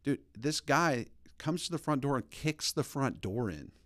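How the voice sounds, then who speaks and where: A man in his thirties hosting a podcast, telling stories in a rambling, animated way. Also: medium pitch, unhurried, dry recording, clean studio sound. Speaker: podcast host. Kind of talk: casual opinion talk.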